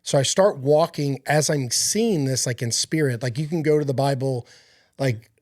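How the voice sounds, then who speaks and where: Speaking at normal speed in a somewhat dark, mid-range voice, a male podcast guest rambles earnestly through his personal faith testimony, using lots of fillers and restarting often. The recording is dry and studio quality.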